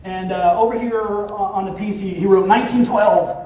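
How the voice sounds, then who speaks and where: A man giving a casual conference presentation, loose and profane, with many filler pauses, heard from a distant mic in a roomy hall. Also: high-pitched, fairly even intonation, mellow, slight background noise.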